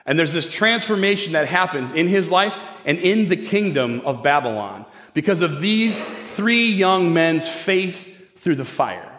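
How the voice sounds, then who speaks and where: A man preaching a sermon as pastor, retelling a story in a casual, conversational way with quick asides. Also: high-pitched, lively intonation, fairly bright tone. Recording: echoey hall with long reverb.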